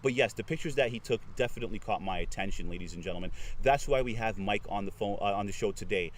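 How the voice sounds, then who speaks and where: A man's voice: on the low side, fast talker. A man hosting a casual interview, talking in a formal, wordy way with many repeated phrases, outdoors in the city. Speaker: host.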